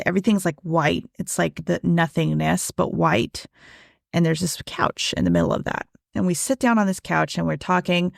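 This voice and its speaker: A woman's voice: mid-range voice, gravelly, no room sound, studio quality. A woman in her thirties hosting her own podcast, telling a personal story in a casual, conversational way, full of "like" and "right?". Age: 30s. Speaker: podcast host.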